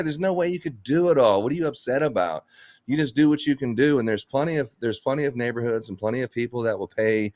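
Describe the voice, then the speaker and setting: A man's voice: medium pitch, fast, a little mellow, dry recording. A man who runs a Christmas lights business, talking bluntly in a casual live chat, swearing and laughing often.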